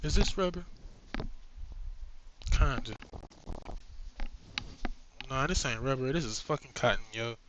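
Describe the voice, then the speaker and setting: A man's voice: medium pitch, lively intonation, unhurried, long pauses, noisy background. A man vlogging while he sews, rambling and cursing to himself in a casual, muttered way. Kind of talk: casual self-talk while sewing.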